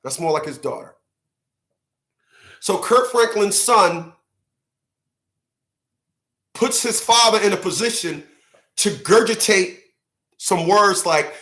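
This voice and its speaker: A man with a bright, slightly high voice delivers an emphatic opinion monologue and acts out mock conversations. He laughs at his own jokes along the way. The sound bounces around an echoey room. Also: expressive, unhurried, long pauses. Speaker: commentary show host. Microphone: livestream setup.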